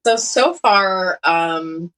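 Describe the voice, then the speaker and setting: Thirties woman guest with a low voice; frank, joking, easygoing conversation. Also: extremely slow, fairly bright tone, poor audio. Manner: candid and self-mocking, laughs as she talks. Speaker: surgeon, podcast guest. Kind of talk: casual conversation.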